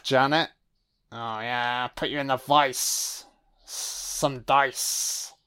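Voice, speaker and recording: A man giving an audio-only film commentary, reacting with profane, excitable remarks. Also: mid-range voice, smooth.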